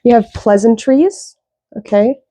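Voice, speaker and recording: A woman giving a casual tarot reading, rambling with lots of fillers, slow when she reads out card meanings. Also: on the high side, background noise. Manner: rambling, loose, with many fillers. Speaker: tarot reader.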